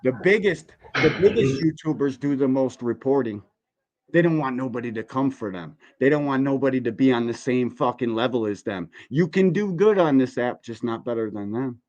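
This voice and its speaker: A man's voice: medium pitch, animated, moderate pace, darkish tone, lo-fi sound. Man ranting profanely on a boxing stream. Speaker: podcast host reacting to boxing videos. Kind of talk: casual live-stream commentary.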